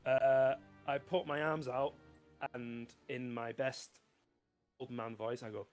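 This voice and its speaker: A man's voice: mid-range voice, fairly even intonation, takes it slowly, faint music behind. Man reading out spell rules. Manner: thinks aloud, reads spell rules, works out dice sums. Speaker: player. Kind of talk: casual tabletop game talk.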